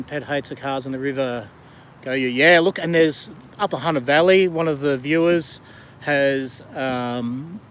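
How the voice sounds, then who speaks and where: A man's voice: mid-range voice, fairly bright tone, slight background noise. A middle-aged Australian man live-streaming from a kayak on a river, chatting casually and rambling with fillers as he greets viewers. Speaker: vlogger and diver. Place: outdoors on a river kayak in the rain.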